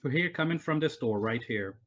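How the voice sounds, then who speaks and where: A man's voice: medium pitch, lively intonation, brisk, a bit bright, a little hiss or hum. A man running a tabletop game over a voice call, narrating loosely with many fillers and restarts. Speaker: game master. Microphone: online voice call.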